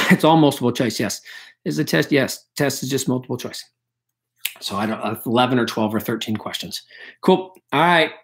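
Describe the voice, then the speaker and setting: A man's voice: mid-range voice, expressive, moderate pace. A male history teacher running a casual review session, talking loosely with many fillers, and losing his voice. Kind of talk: live online review session.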